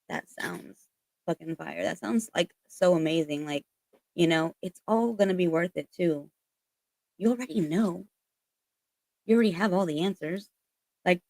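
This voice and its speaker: Woman tarot reader, low-ish voice, earnest, emphatic and profane, casual spiritual reading, dry close sound. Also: normal speed, vocal fry, long pauses, a little mellow, no echo. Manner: emphatic and earnest, swears freely, relays messages.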